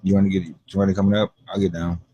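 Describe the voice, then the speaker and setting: A man's voice: deep voice, little pitch movement, rapid-fire, warm tone, breathy edge, no echo, highs cut off. A man giving laid-back, profane gossip commentary on a live stream.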